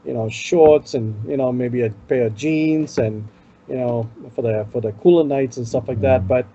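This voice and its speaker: A man with an Indian accent co-hosts a casual podcast chat, offering tips on traveling to conferences. His mid-range voice has a dark tone and moves at a moderate pace, and the sound is lo-fi. He talks loosely and chattily, filling gaps with plenty of "you know."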